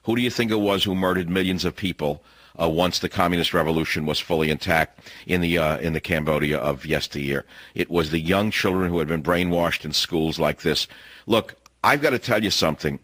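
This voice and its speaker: A man's voice: low voice, fairly quick, fairly bright tone, dry recording. A man hosting an opinion radio talk show, delivering an emphatic monologue full of repeated phrases and rhetorical questions. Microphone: studio microphone.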